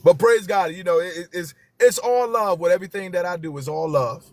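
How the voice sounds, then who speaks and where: A man's voice: high voice, brisk, no room sound. A man, hosting a live stream and talking to viewers with passion, repeating his key phrases for emphasis.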